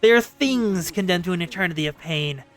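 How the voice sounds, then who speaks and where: A streamer voicing a cruel, proud old grandmother, speaking in a slow, stately, coldly calm way while reading a game's story aloud. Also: medium pitch, close to an everyday voice.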